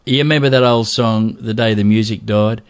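A man's voice: fairly low pitch, steady tone, moderate pace. Jokey man hosting a podcast. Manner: jokey, teasing, laughs at himself. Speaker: podcast host. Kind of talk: casual chat, show host.

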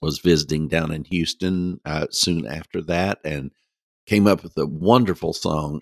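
A man telling a folksy story in a casual interview, halting with many restarts and laughing at himself. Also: rumbling low, fairly even intonation, gravelly, no echo, clean studio sound. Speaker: guest.

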